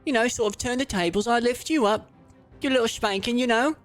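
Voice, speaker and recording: A man's voice: very high-pitched, a little fast, faint music behind, voice pushed up. A man voicing a petulant male guard with a put-on French accent, whining and teasing in a tabletop game. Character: indignant male guard, sulky and childish.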